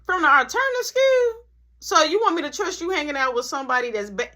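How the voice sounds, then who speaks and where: A woman's voice: high voice, expressive, fast, bright, forceful tone, voice pushed up. A woman voicing a strict, protective mother who scolds and lectures. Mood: suspicious.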